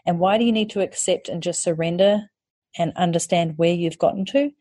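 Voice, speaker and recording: Low, husky-voiced woman host. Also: fairly quick, mellow, dry recording. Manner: candid and chatty, swears casually. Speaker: podcast host and online course creator. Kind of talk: casual podcast monologue.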